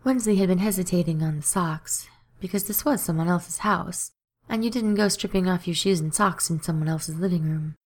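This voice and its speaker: A woman narrating an audiobook in a steady, even storytelling manner. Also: lowish voice, moderate pace.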